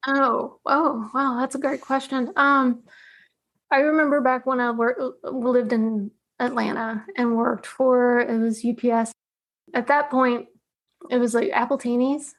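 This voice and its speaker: Speaking a little slowly in a steady, slightly high voice, the artist guest recounts a personal story through tears and frequent laughter. She acts out the dialogue from the conversations she had.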